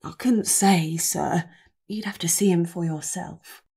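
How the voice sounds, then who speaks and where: A woman's voice: lowish voice, measured pace, vocal fry, dark tone, husky, full character voice. A woman voicing a nervous, plain-spoken male footman who speaks hesitantly in a half-whisper in an audiobook. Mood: uneasy. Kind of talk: audiobook character voice.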